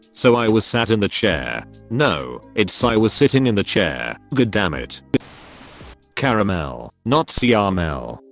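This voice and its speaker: A man with a lowish voice reads short posts one after another in a scripted narration. His delivery is matter-of-fact, but the pitch moves around a lot. Faint music plays softly underneath. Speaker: narrator reading online posts.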